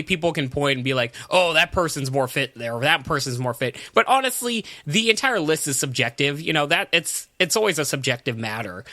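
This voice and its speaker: A man's voice: fairly high pitch, sharp tone, dry recording. A man co-hosting a casual podcast, laid-back and chatty, with frequent ums. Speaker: podcast co-host.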